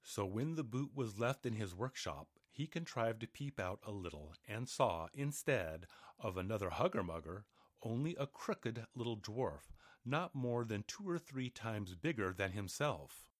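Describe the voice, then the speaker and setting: A man reads a fairy tale aloud in an expressive storybook manner. His voice sits low, yet it rises and falls widely through each sentence, and the recording is close and dry. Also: unhurried, no room sound. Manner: expressive, animated. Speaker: narrator. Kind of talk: storybook reading.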